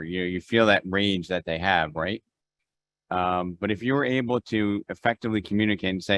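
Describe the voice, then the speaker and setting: A man's voice: low voice, steady tone, moderate pace, a bit bright. A man leading a real estate mastermind on a video call, talking conversationally with restarts and acted-out phone exchanges. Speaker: real estate team leader.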